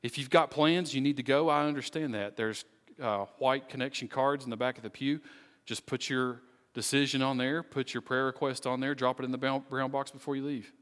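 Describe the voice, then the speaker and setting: A man preaching as pastor, closing his sermon with an earnest appeal and a slow, pleading prayer. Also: mid-range voice, fairly even intonation, fairly bright tone, clear, resonant tone, in a large hall. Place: church sanctuary.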